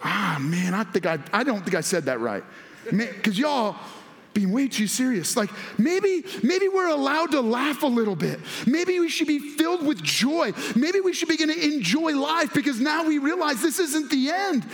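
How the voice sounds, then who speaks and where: A male pastor with a strikingly high voice preaches a sermon. He is excitable and animated, dropping to hushed asides and then rising to loud exclamations. His delivery sounds half-laughing. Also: normal speed.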